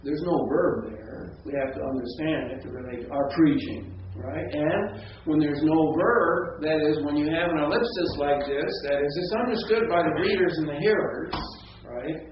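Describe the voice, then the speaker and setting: A man's voice: on the high side, normal speed, few pauses. A man teaching a seminary class, explaining grammar in a lecture and often checking in with his students. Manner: explanatory, checks in with frequent "right?" and "okay?". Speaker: seminary professor. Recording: distant, echoey, muffled classroom recording with faint hiss.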